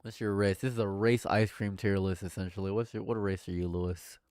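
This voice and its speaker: A young man doing live reaction commentary, jumping between loud exclamations and low repeated mutters while bantering with his chat. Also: fairly even intonation, brisk, clear, resonant tone, dry recording, clean studio sound. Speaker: livestream commentator.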